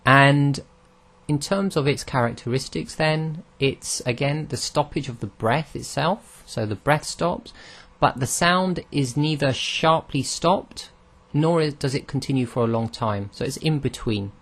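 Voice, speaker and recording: A man's voice: mid-range voice, measured pace, a bit bright. A man teaching Arabic pronunciation in a recorded lesson, explaining patiently step by step and sounding out each letter aloud.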